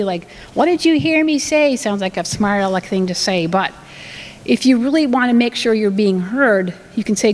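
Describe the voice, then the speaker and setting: A woman's voice: medium pitch, in a large hall, rough recording. A woman giving a talk on family communication in a conversational way, acting out what parents and children say. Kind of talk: presentation with acted examples.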